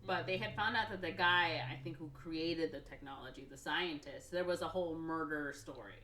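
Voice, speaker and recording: A woman's voice: low-pitched, normal speed, bright, forceful tone. Rambling woman retelling a movie. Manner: rambling, lots of "like" and "um", acts out characters. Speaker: podcast co-host. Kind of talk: casual movie recap. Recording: roomy, distant mic.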